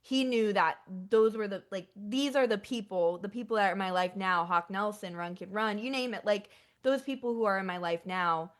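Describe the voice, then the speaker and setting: A woman's voice: moderate pace, hardly any pauses. A young woman talking as a guest musician in a casual interview, chatty and full of filler words, emotional and effusive. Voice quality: chatty, lots of filler likes. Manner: effusive and emotional, pitch jumps up when excited.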